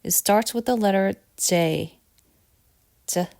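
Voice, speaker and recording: A woman's voice: mid-range voice, slow, creaky, a little mellow. A woman teaching vocabulary at a patient pace, repeating words and quizzing the listener. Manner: patient and repetitive, asks quiz questions. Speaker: Korean language teacher. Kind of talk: lesson.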